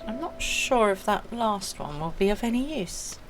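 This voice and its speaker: Woman reading a calm formal scholar guy, measured, game music behind. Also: medium pitch, pitched above the performer's own voice, lightly acted, poor audio. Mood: composed.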